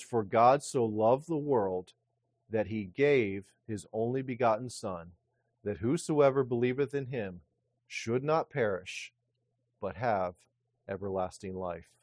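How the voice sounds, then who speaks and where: A man's voice: mid-range voice, a little mellow, dry recording. Dry-voiced man preaching emphatically. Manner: emphatic preaching with slow stressed scripture readings. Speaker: pastor. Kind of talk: sermon.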